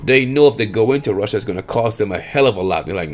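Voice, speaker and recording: Lecturing man with a low voice. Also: animated, fast talker, slight background noise. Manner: forceful, lecturing, asks rhetorical questions. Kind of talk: emphatic monologue on power politics.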